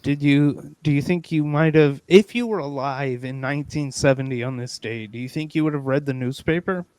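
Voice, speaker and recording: A man hosting a casual comedy podcast, playful and mock-earnest, with loud bursts of excitement. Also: on the high side, normal speed, smooth, no echo. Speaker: podcast host.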